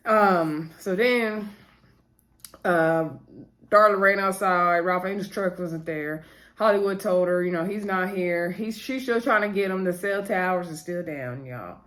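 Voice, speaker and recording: A woman's voice: fairly low pitch, unhurried, fairly bright tone. Chatty woman recapping a show. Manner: chatty, addresses viewers as y'all, retells dialogue. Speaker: TV episode recap host. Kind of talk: casual recap talk.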